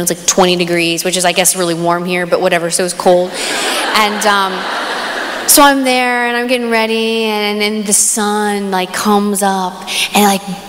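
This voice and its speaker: A young woman giving a conference talk, telling a personal story with animated, excited storytelling. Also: fairly low pitch. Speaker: conference speaker. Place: large hall. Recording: live hall with long reverb.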